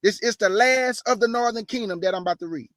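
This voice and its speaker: High-voiced, fiery street preacher man. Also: quick pace, no echo. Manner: blunt, streetwise and combative; rising to forceful emphasis. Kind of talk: fiery sermon with scripture reading.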